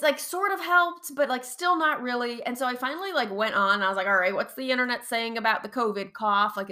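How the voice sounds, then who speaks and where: A woman talks through a casual solo podcast episode in a chatty, animated way. Her voice has a gravelly, fry-touched edge at a middle pitch, and she laughs and swears casually as she goes. She is getting over covid. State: recovering from covid. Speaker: podcast host and chronic pain coach.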